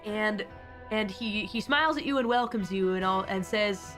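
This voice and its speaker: A woman's voice: mid-range voice, moderate pace, a bit bright, soft background music. A woman narrating as game master of a tabletop game, laughing often.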